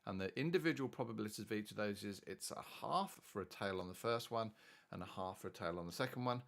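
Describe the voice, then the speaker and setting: Male maths tutor, lowish gravelly voice, chatty and animated, talks through each step aloud. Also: fast. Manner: chatty, thinks aloud while working problems. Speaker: maths teacher. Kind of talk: worked-solution maths tutorial.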